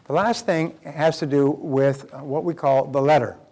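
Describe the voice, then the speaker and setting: A man's voice: a little high, steady tone, moderate pace, darkish tone. An older man giving a motivational seminar talk, earnest and conversational, often putting questions to the audience. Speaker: seminar speaker. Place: live seminar before an audience.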